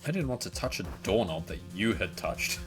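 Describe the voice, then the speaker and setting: A man's voice: low voice, sing-song, moderate pace, music in the background. A man reading the lines of a smug, evasive male suspect in a game, in a taunting, self-satisfied manner.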